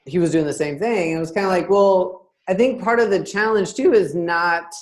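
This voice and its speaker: Low voiced coach lady, supportive, says y'all, chill chat. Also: normal speed, darkish tone. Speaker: business coach. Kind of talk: casual group chat.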